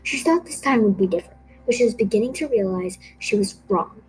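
A woman narrating a children's story with a steady, expressive reading. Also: medium pitch, fairly quick, soft background music, poor audio.

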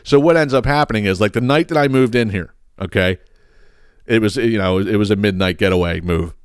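A man's voice: lowish voice, a little fast, smooth, no room sound, clean studio sound. A man hosting a podcast, ranting heatedly with plenty of profanity. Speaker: podcast host.

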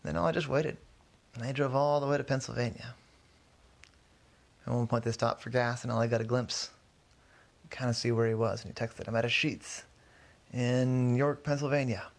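A man telling a detective story in a relaxed, rambling way, sometimes correcting himself as he goes. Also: mid-range voice, a little fast, vocal fry, pauses often. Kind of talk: casual storytelling.

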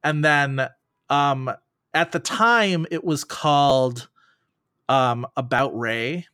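A man of middle pitch talks as a podcast guest, riffing in long, animated run-on thoughts full of "like"s. His voice sounds dry and close, with no room around it. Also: slow pace, no echo. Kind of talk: casual podcast chat.

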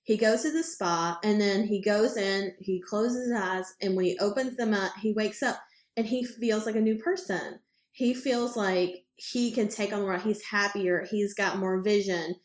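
A woman's voice: mid-range voice, steady tone, moderate pace, echoey room. A woman co-hosting a podcast, chatting casually and rambling with lots of fillers and the odd swear word. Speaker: podcast co-host. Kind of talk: casual chat.

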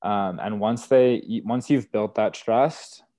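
A man's voice: fairly low pitch, takes it slowly, warm tone, no echo. A young man telling stories from his work as a wilderness therapy guide in casual, earnest podcast talk, full of "like" and "you know". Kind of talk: casual conversational storytelling.

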